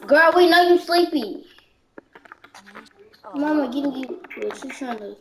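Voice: high-pitched, animated, a little slow, gravelly, a bit bright. A gaming host giving casual let's-play commentary, chatting to the game characters and to viewers. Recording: noisy recording with mouse clicks.

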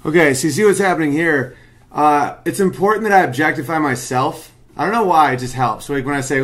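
A man's voice: on the high side, brisk, fairly bright tone, a little hiss or hum. Man casually breaking down his comedy. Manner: rambling, analytical, picks up intensity when making his point. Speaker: comedian explaining his own bit. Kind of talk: casual commentary. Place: at home.

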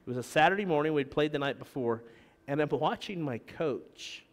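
A middle-aged male pastor preaches in a church sanctuary, breaking off to tease his congregation. His voice sits a little high for a man. The sound carries a long hall reverb. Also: animated, normal speed. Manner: joking asides with the congregation. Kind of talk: sermon.

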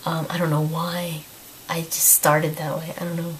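A woman's voice: deep voice, flat delivery, normal speed, low-quality recording. Woman, gaming vlogger, strained voice from losing it, rambling restarts, slight hiss. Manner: rambling, thinking aloud with many restarts. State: losing her voice. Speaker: YouTube gaming channel host. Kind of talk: casual talk to camera.

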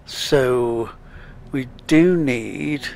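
A man's voice: mid-range voice, extremely slow, vocal fry, darkish tone, a little hiss or hum. A man giving casual, chatty let's-play commentary, muttering to himself as he plays. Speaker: gaming channel host.

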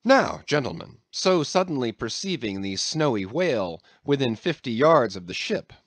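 A man's voice: mid-range voice, sing-song, normal speed, dry recording. A man narrating an audiobook with a dramatic storytelling delivery. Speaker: audiobook reader. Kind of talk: scripted narration.

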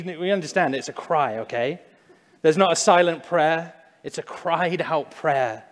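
Man preaching in a reverberant church. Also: fairly high pitch. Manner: conversational preaching, shifts from loud acted prayers to hushed, slow emphasis. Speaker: pastor. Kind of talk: sermon. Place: church sanctuary.

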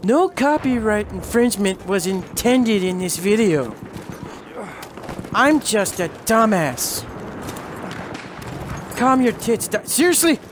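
This gamer and channel host has a high, very animated voice and talks slowly with long pauses. He narrates his shooter gameplay with crude jokes and self-mockery. The background is noisy with gunfire, artillery, vehicles and explosions from the game.

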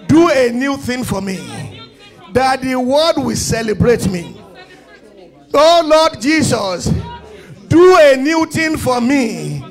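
A man with a Nigerian accent leading a fervent prayer sermon, often shouting and repeating his calls to the congregation. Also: extremely high pitch. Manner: impassioned, often shouting, repetitive exhortations. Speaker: pastor. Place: church service.

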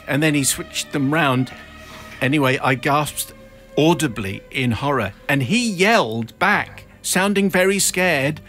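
A radio host with a slightly high, fairly bright voice reads a listener's confession in a wry, storytelling way, chuckling as he goes, then chats in the studio. He's recorded on a studio microphone.

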